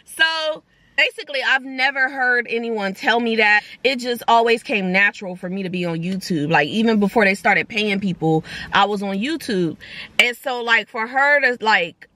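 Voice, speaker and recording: A young woman tells a personal story straight to camera in a loose, chatty way, bouncing between her own voice and the lines of the people she met. Her voice is bright and fairly high. The sound is dry and close. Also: no room sound. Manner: animated, retells dialogue in quick bursts. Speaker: vlogger. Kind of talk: casual storytime vlog.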